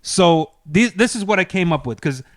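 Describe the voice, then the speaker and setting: A man who works as a DJ, telling a story as a podcast guest in a casual, profane, animated way. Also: high-pitched, moderate pace, no room sound, clean studio sound.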